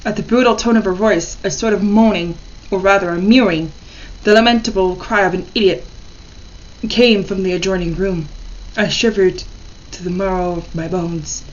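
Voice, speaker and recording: A woman reading a horror short story aloud in a plain, steady way, with small restarts. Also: medium pitch, normal speed, muffled recording.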